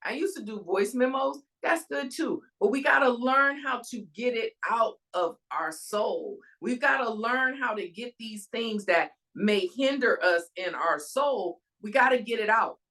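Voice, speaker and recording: A woman hosting her own show, giving an animated faith-based talk on soul care and self-care. She calls her listeners y'all and checks in with them, asking "all right?". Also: fairly high pitch, a little slow, few pauses. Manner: emphatic, preacher-like cadence. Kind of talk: casual inspirational talk.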